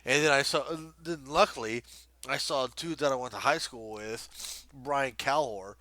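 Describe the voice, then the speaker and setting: A young man co-hosting a casual sports podcast, excitable and rambling, with lots of fillers. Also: medium pitch, normal speed, no echo. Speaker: podcast co-host.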